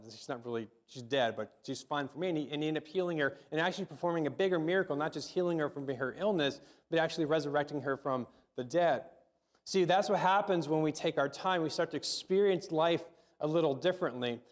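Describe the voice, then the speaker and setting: A middle-aged male pastor gives a sermon in a relaxed, conversational manner. His voice sits a little higher than most men's. He stumbles over and repeats words and keeps asking the room questions.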